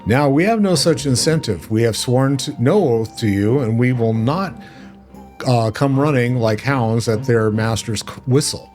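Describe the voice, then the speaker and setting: A man with a medium-pitched, darkish voice reads lines aloud for a blunt, mercenary male pirate captain from a video game. He sounds gruff, bold, and boastful at a measured pace, with light acting and small stumbles. Faint music plays behind him.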